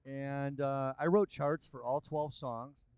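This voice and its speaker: A man spins a story with lively, animated energy at a middle pitch. His voice sounds close and dry, with no room around it. He is a musician and producer chatting casually as a guest. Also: slow pace, clean tone, no echo. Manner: animated, lively anecdotal delivery.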